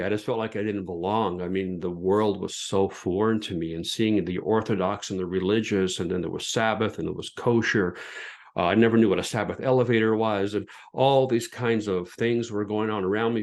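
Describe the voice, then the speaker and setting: A man's voice: on the low side, a little mellow. A man in his fifties hosting a podcast, telling a personal story in an earnest, candid way and often repeating words as he goes. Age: 50s. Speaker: podcast host.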